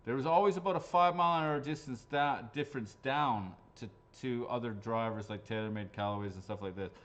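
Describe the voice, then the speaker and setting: A man hosts raffle draws on a live stream in a loose, chatty way. He cracks jokes and swears freely as he goes, and his voice sits at a middling pitch. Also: brisk, a bit bright. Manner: casual, jokey, swears freely. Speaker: raffle host.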